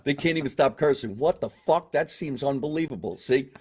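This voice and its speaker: A man hosting a live comedy show from a basement, a loud, hammy showman who swings between big excitement and asides. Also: medium pitch, brisk, husky. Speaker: podcast host.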